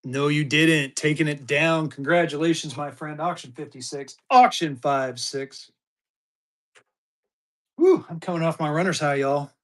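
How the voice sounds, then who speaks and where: Casting: fifty-something man, live auction seller, rambling and chatty, slightly high voice. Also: fairly even intonation, moderate pace, hardly any pauses, a bit bright. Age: 50s. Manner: rambling, chatty, with many restarts and fillers. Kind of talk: casual live-stream chat.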